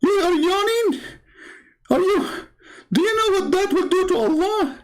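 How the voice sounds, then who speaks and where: Guy doing a squeaky panicky whiny dude begging, near tears. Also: measured pace. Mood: frantic pleading. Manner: high crying plea. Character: frantic whiny pleading man, panicked.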